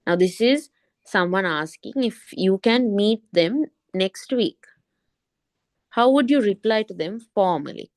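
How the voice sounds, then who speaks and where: A woman teaching an English lesson online, often repeating a point and asking quick checking questions. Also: medium pitch, expressive, darkish tone.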